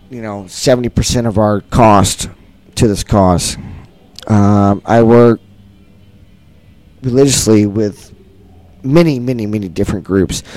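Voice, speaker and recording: A man's voice: medium pitch, darkish tone. A middle-aged man, a concert producer, talking earnestly and repetitively in a festival interview.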